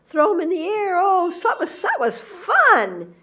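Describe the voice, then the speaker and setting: Playful small child, gleeful and very high-pitched, put on by a woman speaker. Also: wildly swooping pitch, measured pace, fairly bright tone, exaggerated voice. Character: playful little child delighting in mess.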